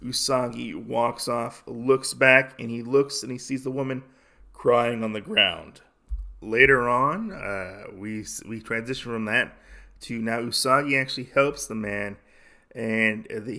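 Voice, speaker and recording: Gravelly man casually recapping a comic. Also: mid-range voice, measured pace. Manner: rambling, animated retelling. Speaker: podcast host.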